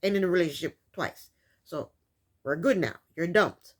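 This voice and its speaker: A woman's voice: on the low side, normal speed. A woman host recapping a reality TV episode in casual commentary, incredulous and repeating her points for emphasis.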